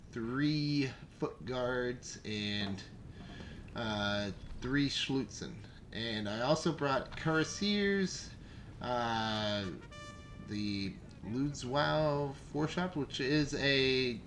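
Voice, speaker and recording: A man's voice: medium pitch, a bit bright, a little hiss or hum. A young man giving casual, rambling commentary on a strategy game match, with frequent fillers and self-corrections. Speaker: gameplay commentator.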